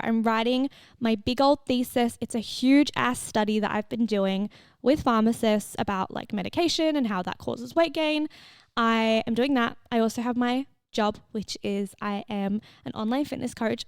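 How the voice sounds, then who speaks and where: A young woman hosts a solo podcast with a somewhat high voice, chatting candidly and swearing freely. She is recorded close on a mic in a dry, dead room with no echo. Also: a little mellow. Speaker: podcast host and fitness coach. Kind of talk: casual solo podcast chat.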